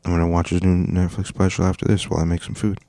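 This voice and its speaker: A man's voice: low voice, level tone, racing, gravelly, warm tone, slight background noise. A man hosting a podcast, commenting casually on video clips in a laid-back, rambling, profane way. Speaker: podcast host.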